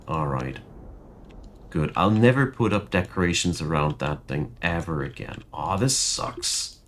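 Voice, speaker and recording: A man's voice: rumbling low, lively intonation, unhurried, a little hiss or hum. A young man commentating his strategy game and ranting in frustration over bad luck. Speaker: gaming channel host. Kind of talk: gameplay commentary.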